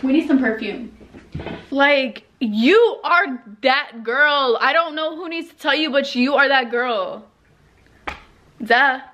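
Casual young woman vlogging at home, lively and talky, echoey room, camera mic from a distance. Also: high-pitched, unhurried, pauses often, slight background noise. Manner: chatty, animated, talks to herself. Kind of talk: casual vlog chat to camera.

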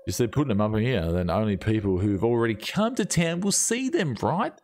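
A man giving jokey, excitable live commentary as a game streamer, joking with chat and swearing now and then. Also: fairly low pitch, fairly quick, a little hiss or hum. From Australia.

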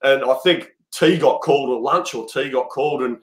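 An Australian man, a cricket coach, talking as a guest in a casual interview and telling stories in a halting way with many restarts. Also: medium pitch. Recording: roomy echo.

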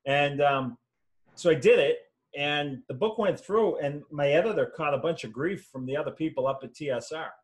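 A fantasy author talks casually over a video call, his voice sitting a little high. He tells his stories with animation and slips into the voices of the people in them. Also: normal speed. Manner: animated anecdotes, acting out quoted voices. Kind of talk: casual storytelling conversation. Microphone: video call mic.

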